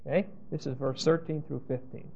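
Male Bible teacher with a high voice, lecturing a class and reading scripture aloud, on a dull lo-fi recording. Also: fairly even intonation, a little fast, vocal fry, a little mellow, slightly rough. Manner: checks in with the class, asking questions and saying "okay?"; reads scripture aloud and explains it.

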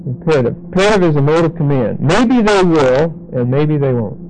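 A man with a slightly high voice teaches scripture verse by verse, stopping to spell out and repeat key words. His delivery is explanatory and deliberate. A faint hum sits under the recording. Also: animated, a little mellow, poor audio. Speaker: Bible teacher.

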